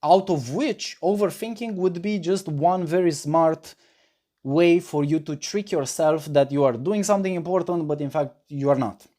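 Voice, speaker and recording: Mellow-voiced man coaching thoughtfully. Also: fairly high pitch. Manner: thoughtful, rephrases himself mid-sentence; explains through personal examples. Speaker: life coach. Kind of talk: answering audience questions in a monologue.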